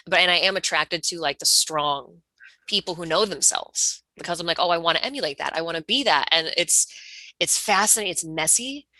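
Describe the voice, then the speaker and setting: A woman's voice: lowish voice, fairly quick, sharp tone, no room sound. A woman sharing candidly in a casual peer talk, swearing a lot and often restarting her sentences. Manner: raw, heavy swearing, frequent restarts.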